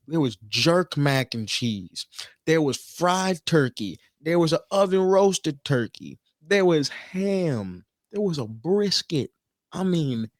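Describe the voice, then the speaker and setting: Animated storytelling man on a podcast. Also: no room sound, studio quality. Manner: animated storyteller, imitates relatives with a high voice. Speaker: podcast co-host. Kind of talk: casual banter.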